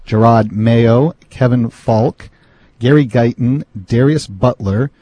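A man's voice: mid-range voice, slow, dark tone, dry recording. A man hosting a casual radio chat, upbeat as he announces show details. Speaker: show host.

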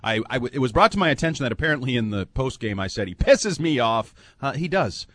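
A man's voice: mid-range voice, big pitch swings, very fast, a bit bright. A man co-hosting a casual sports talk show, telling rambling, jokey stories. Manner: rambling, jokey storytelling with laughs. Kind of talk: casual sports radio chat.

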